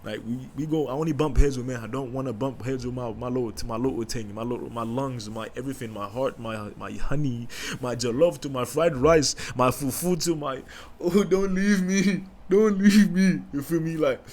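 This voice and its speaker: A man hosting a podcast, speaking in a candid, emotional personal monologue with halting restarts and casual slang. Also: medium pitch, a little hiss or hum. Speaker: podcast host.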